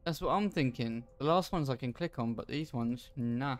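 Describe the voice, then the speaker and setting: A man's voice: mid-range voice, moderate pace. A man co-hosting a gaming video, teasing his friend while puzzling over what to click. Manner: teasing, grows baffled at the puzzle. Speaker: gaming channel co-host. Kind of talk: casual let's-play banter.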